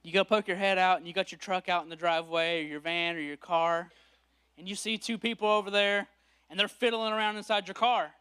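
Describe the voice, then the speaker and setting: Animated high-voiced male preacher. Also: fairly quick, smooth. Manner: animated storytelling, acts out quoted voices. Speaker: pastor. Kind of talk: sermon.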